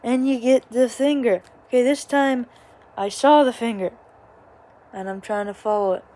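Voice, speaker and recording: A woman's voice: a little high, normal speed, dark tone. A young woman vlogger telling a casual, rambling story at home, full of asides and quoted voices. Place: small home, living room.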